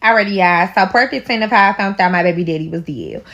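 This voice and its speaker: Young St. woman, animated profane storyteller, bright voice. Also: medium pitch, fast, dry recording, highs cut off. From St. Louis, USA. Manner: animated, profane, keeps addressing listeners as y'all. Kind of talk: casual storytime.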